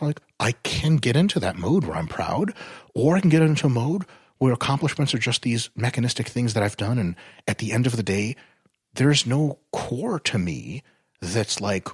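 A man talking as a podcast guest in casual chat, blunt and profane, explaining his ideas with animated swings in pitch. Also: normal speed, breathy edge, dry recording, clean studio sound. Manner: blunt, profane, swears freely.

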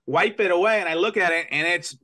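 A man from New York with a bright, forceful voice that sits a little high. He tells a story casually, poking fun at himself with animated detail. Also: fairly quick. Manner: self-deprecating, animated storyteller.

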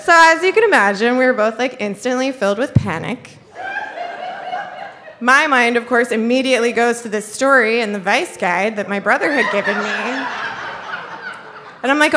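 A woman's voice: a little high, normal speed, long pauses, pushed and bright, slight background noise. A young woman telling a comic personal story to an audience, chatty and full of "like", laughing as she goes. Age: young adult.

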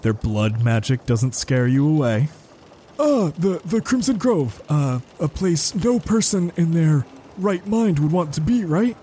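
A man voicing an evasive ship captain who talks in a placating, drawn-out way. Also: on the high side, expressive, warm tone, a little hiss or hum. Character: smooth-talking male ship captain, evasive.

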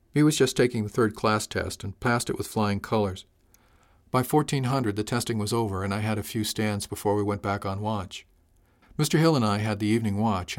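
Male narrator, first-person storytelling, measured, reflective, lowish voice. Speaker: audiobook narrator.

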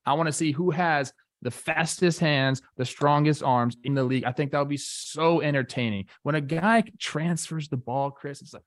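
A man co-hosting a sports podcast, talking in a relaxed, enthusiastic way with lots of casual fillers. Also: fairly high pitch, normal speed, few pauses, dry recording. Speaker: podcast co-host, former player.

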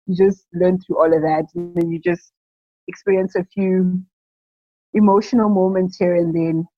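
A young woman talks about new motherhood in a casual interview. Her voice sits a bit low, and she wanders through her thoughts with many fillers and quick laughs. The recording is dry and a little muffled and lo-fi. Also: steady tone, no room sound. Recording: dull lo-fi sound.

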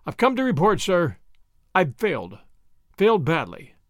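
A man's voice: sits high, wildly swooping pitch, normal speed, a bit bright, dry recording, clean studio sound, exaggerated voice. A man reading an audiobook, voicing a young Englishman who is earnest and shaken, in a clipped, earnest way. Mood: downcast.

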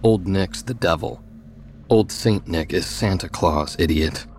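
A man's voice: low voice, unhurried, a little mellow, slight background noise. A man voicing a cheerful, blunt teenage boy who speaks matter-of-factly, in a spoken story.

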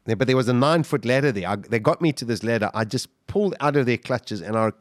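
A man being interviewed, retelling a dramatic story with great intensity and acting out shouts and quoted lines. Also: quick pace, no room sound, clean studio sound. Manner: vivid, acts out shouts and quotes, voice jumps high when excited. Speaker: guest.

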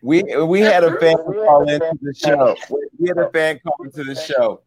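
A man's voice: fairly high pitch, normal speed, darkish tone. Joking male call-in host. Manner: loose, joking, directs callers. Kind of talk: casual call-in show hosting.

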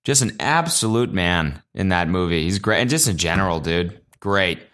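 A young man hosting a casual solo podcast, telling animated stories with lots of swearing and high-pitched acted-out quotes. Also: normal speed. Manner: animated storyteller, swears a lot, jumps high in pitch when acting out quotes. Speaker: podcast host.

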